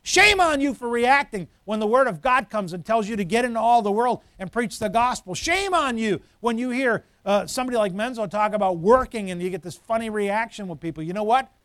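A man, a pastor, preaching a sermon forcefully, building up loud and then dropping into quiet asides. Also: sits high, animated, brisk, few pauses, no echo, studio quality.

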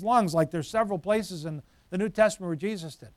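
A man, a pastor, preaching a sermon forcefully, building up loud and then dropping into quiet asides. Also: high-pitched, brisk, few pauses, dry recording.

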